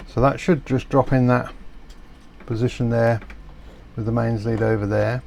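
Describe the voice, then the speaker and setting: A middle-aged man explaining a radio repair step by step in a relaxed, chatty way. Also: mid-range voice, moderate pace, creaky, slight background noise. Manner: relaxed, chatty, self-deprecating asides.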